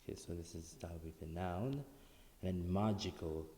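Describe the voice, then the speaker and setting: A man's voice: low voice, moderate pace, warm tone, a little hiss or hum. A man teaching a writing lesson, explaining step by step and repeating words for emphasis. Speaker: English teacher. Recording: echoey room with long reverb.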